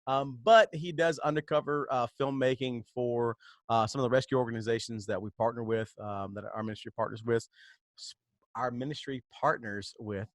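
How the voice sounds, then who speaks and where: A man's voice: medium pitch, fairly even intonation, normal speed, dry recording. A man hosts a casual podcast and rambles through his sentences with plenty of ums and false starts. His voice sits mid-range and the sound is dry and close, with little room in it. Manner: rambling, many fillers and restarts, laughs often. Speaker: podcast host. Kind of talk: casual chat.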